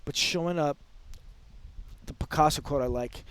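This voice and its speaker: A man speaking as a podcast guest, giving energetic, emphatic coaching talk and often quoting example phrases. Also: a little high, normal speed, a little hiss or hum.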